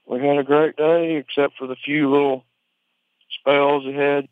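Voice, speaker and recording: A man's voice: fairly high pitch, flat delivery, clear, resonant tone, no echo. Man, Alabama Southern accent, rambling profane storytelling, phone-line sound, dry. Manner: rambling, informal, profane, halting restarts. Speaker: interviewee on a phone call. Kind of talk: conversational storytelling.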